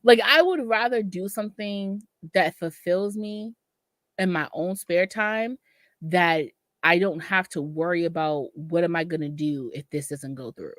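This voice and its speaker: A woman's voice: on the low side, unhurried, fairly bright tone, no echo, studio quality. A woman from Massachusetts co-hosting a podcast, talking bluntly in casual chat and laughing often. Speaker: podcast co-host.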